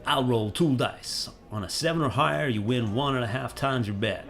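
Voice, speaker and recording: A man's voice: mid-range voice, normal speed, a bit bright, faint music behind, voice pushed up, close to an everyday voice. A man voicing a male tavern dice-game keeper in a put-on American accent, with upbeat patter.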